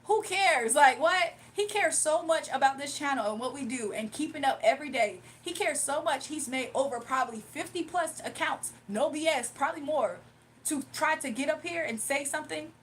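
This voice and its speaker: High-pitched woman streamer, indignant casual rant, faint hum behind. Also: moderate pace. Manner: animated, indignant, emphatic with laughs. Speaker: live streamer and spiritual reader. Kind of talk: casual ranting livestream.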